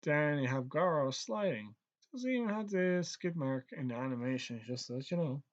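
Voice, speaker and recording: A man's voice: a little high, lively intonation, moderate pace, highs cut off. A man reacting to an anime episode in casual commentary, making dry, wry asides.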